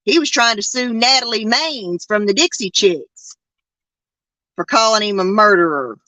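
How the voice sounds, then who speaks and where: A woman's voice: mid-range voice, measured pace, bright, forceful tone, dry recording. A woman, hosting a podcast in a casual chat that rambles and halts with many fillers and restarts. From Arkansas. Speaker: podcast host.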